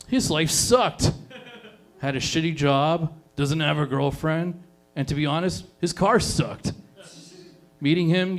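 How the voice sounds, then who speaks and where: A man doing short, dry one-liners as a stand-up comic on a live stage. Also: a little high. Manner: dry, short deadpan setups. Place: live comedy venue stage.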